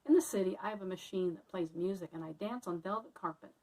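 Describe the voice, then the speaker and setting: A woman's voice: fairly low pitch, fast, a little mellow, far from the mic, poor audio. A woman reading aloud who voices a showy female city mouse in a lofty, grand manner.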